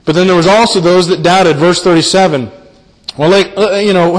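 Earnest preacher in an echoing hall. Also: male voice, high voice. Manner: earnest, repeats words, slows down and drops soft for emphasis. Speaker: pastor. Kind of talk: sermon on a Bible passage.

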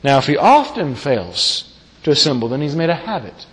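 High-voiced man preaching in a reverberant hall. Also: sing-song, moderate pace. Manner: emphatic, repeats key phrases, asks rhetorical questions. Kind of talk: sermon. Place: church meeting hall. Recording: long reverb of a large hall.

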